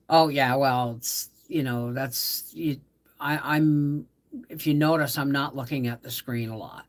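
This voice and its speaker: A middle-aged woman hosts a casual live stream, her voice low and her pace unhurried. She sounds worn out from a migraine, speaking softly, trailing off mid-thought and greeting viewers by name. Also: steady tone. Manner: slow, soft-spoken, trailing off, greeting viewers warmly by name. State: tired from a migraine. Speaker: livestream host.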